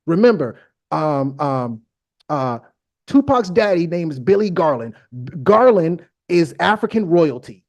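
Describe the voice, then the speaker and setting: A man hosting a podcast, reading Bible verses aloud and riffing on them in slangy, irreverent comic asides, often halting on fillers. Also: a little high. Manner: irreverent, slangy, animated storytelling. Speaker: podcast host.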